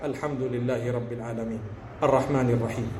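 A man's voice: medium pitch, steady tone, quick pace, darkish tone, roomy sound, slight background noise. A man preaching to a live audience, earnest and encouraging, asking rhetorical questions and urging listeners to recite melodiously. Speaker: Islamic preacher.

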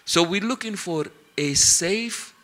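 A slow-speaking man whose voice sits high gives a sermon rich in lively storytelling. He emphasizes key words by stretching them out and weaves in Arabic religious phrases.

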